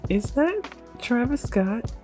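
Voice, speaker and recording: A woman's voice: on the high side, very animated, takes it slowly, over music. A young woman narrating a life-sim let's play in a chatty, giggly, slangy way. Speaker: gaming video creator.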